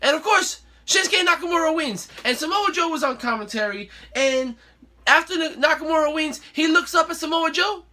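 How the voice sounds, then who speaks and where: A male host giving a casual, excitable and playful wrestling recap. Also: very high voice, moderate pace. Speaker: show host.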